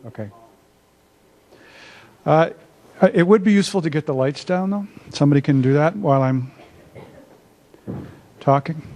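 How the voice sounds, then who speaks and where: With a slightly high, darkish voice, an older academic man speaks at normal speed but pauses often during a workshop presentation in a conference room. He's conversational and self-deprecating, with many filler "uhs."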